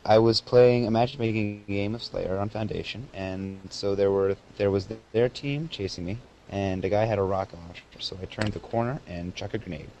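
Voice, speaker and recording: Low-voiced teen guy, faint hiss. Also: moderate pace, few pauses, dark tone, dull audio. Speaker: podcast co-host. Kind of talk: casual chat, reading voicemails.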